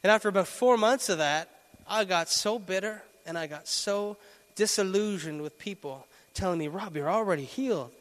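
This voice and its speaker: A young man telling a personal testimony into a microphone, animated and laughing often as he acts out what people said. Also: high voice, normal speed, in a large hall. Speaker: speaker giving a testimony. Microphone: handheld microphone.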